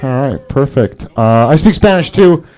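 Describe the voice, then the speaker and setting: A man's voice: medium pitch, animated, moderate pace, darkish tone, soft background music. A man doing stand-up at an open mic in a small garage, rambling and self-mocking, with a lot of profane crowd work. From Salvadoran and Brazilian heritage. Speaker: stand-up comedian.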